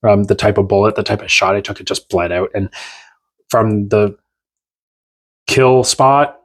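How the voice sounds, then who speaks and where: A man from Newfoundland talks through a story on a podcast, with a somewhat low voice. He rambles and restarts, animated and casual. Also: measured pace. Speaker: podcast guest.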